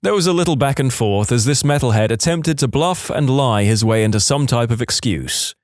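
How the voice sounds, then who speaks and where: A man reading online stories aloud as scripted narration, expressive, with dry asides. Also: medium pitch, moderate pace, dry recording.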